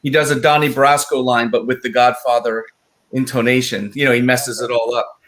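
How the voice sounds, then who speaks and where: A man's voice: medium pitch, fairly quick. A man, the film's writer, telling stories in a casual live panel chat and acting out quoted lines. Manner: animated, acts out quoted lines in voices. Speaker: writer of the film.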